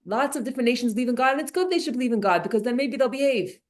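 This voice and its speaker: A woman teaching a Torah class, animated and restarting her sentences often. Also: fairly high pitch, rapid-fire. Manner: animated, many restarts and repeated words.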